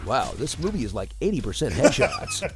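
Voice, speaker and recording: A man narrating a comic movie trailer in a mock-epic style with deadpan jokes. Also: mid-range voice, normal speed. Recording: music bed behind.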